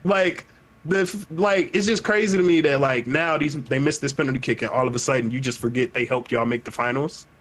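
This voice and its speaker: A man hosting a casual podcast chat, talking in an animated, emphatic way and cursing freely. His pitch sits in an ordinary middle range, neither high nor low. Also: fairly quick. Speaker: podcast host.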